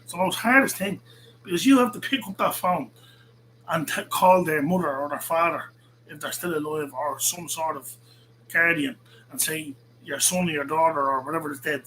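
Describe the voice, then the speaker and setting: A man's voice: on the high side, normal speed, pushed and bright, a little hiss or hum, low-quality recording. A man hosting a podcast, delivering a heated, profane rant and repeating himself as he goes. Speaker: podcast host. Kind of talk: angry ranting monologue.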